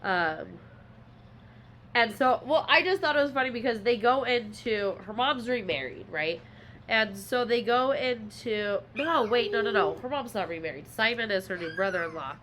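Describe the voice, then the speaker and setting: A podcast co-host retells a book's plot in casual chat, rambling and using lots of filler words. Her voice is fairly high, a bit bright and lively in intonation, at a normal speed, with a little hiss or hum in the recording.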